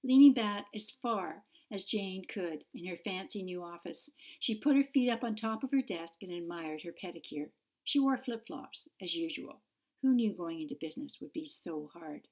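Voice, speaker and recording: A woman author narrating her own fantasy novel in a clear, measured storytelling manner. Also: lowish voice, lively intonation, darkish tone. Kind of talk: audiobook narration.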